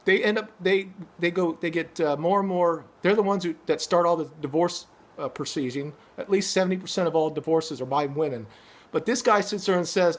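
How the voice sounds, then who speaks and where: A man's voice: fairly high pitch, fairly quick. A middle-aged man ranting angrily to his viewers, swearing often and stumbling over restarts. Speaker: vlogger. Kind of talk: angry opinion rant to camera.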